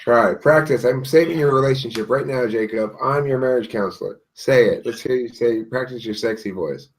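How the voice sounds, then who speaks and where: A man with a husky, somewhat breathy voice at an ordinary middle pitch. He talks bluntly and crudely in casual chat, laying down his opinions with emphasis. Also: moderate pace.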